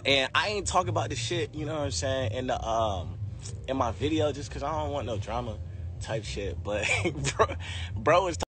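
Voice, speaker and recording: A man's voice: mid-range voice, lively intonation, normal speed, fairly bright tone. A man on a livestream, drunk, rambling and swearing in casual chat. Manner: slurry, rambling, laughing and swearing.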